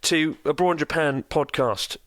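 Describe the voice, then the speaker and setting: A man's voice: fairly high pitch, normal speed, fairly bright tone, no room sound. British male podcast host, laid-back chat, dry close sound. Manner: signs off the show with plugs. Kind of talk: casual chat. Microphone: close podcast mic.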